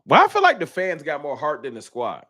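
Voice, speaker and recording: A fan channel host with a fairly high, wildly swooping voice speaks at a normal speed in a bright, forceful tone. He runs a casual fan livestream, reading super chats and venting his frustration between bursts of laughter. The studio-quality recording has no room sound.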